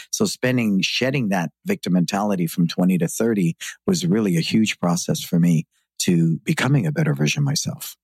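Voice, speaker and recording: Low husky-voiced man, earnest. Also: darkish tone, no room sound. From San Francisco. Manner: earnest, reflective storytelling. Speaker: guest, martial arts school owner. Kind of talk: podcast interview.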